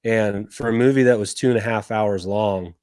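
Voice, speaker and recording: A man's voice: fairly low pitch, fairly even intonation, moderate pace, darkish tone, clean tone, dry recording. A man co-hosting a casual podcast over a remote call, speaking hesitantly with fillers. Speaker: podcast co-host.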